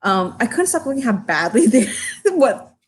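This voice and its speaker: A woman's voice: a little high, big pitch swings, moderate pace, husky. Chatty woman full of "like"s. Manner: chatty, laughing, heavy use of "like". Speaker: podcast co-host. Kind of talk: casual chat.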